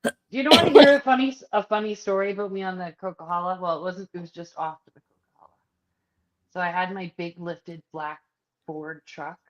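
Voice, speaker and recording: A woman with a lowish voice speaks briskly through muffled audio. As a podcast co-host in casual conversation, she tells a personal story packed with swearing and animatedly plays out others' lines.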